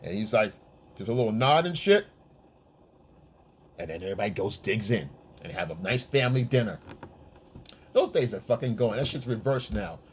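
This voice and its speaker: A man's voice: on the low side, expressive, normal speed, long pauses, a little hiss or hum. A man giving blunt, profane dating advice in a casual monologue, often checking in with the listener. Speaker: men's dating coach.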